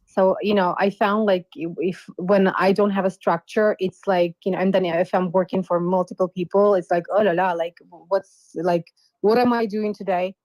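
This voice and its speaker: A woman speaking up in a live audio room, chatty and halting. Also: medium pitch, steady tone, darkish tone, no echo, highs cut off. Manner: chatty, full of fillers and restarts. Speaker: guest speaker.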